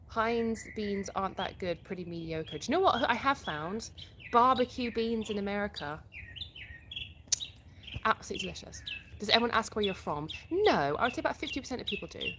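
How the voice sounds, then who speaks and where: A woman from England hosts a casual live stream, reading viewer comments aloud and answering them chattily, often restarting her sentences. She has an English accent and a mid-range voice, and the background is noisy.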